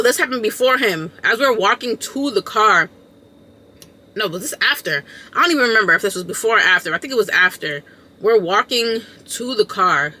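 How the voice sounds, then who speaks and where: A woman content creator telling a storytime vlog, animated and emphatic, in a casual slangy way that repeats points for effect. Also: mid-range voice.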